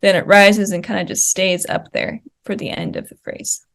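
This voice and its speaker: Young woman, mid-pitched, presenting research at a conference, explanatory, plain delivery with some uh and um. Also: big pitch swings, normal speed, creaky, fairly bright tone. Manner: explanatory, walks through slide examples; uses fillers like uh and um.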